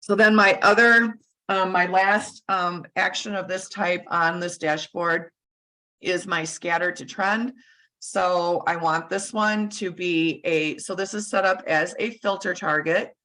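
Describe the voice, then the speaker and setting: A user group presenter walks through a software demo on a shared screen, heard over a video call in a rough recording. Her pitch is fairly low and her tone steady yet bright and forward. She is losing her voice, so she speaks haltingly with frequent fillers and restarts.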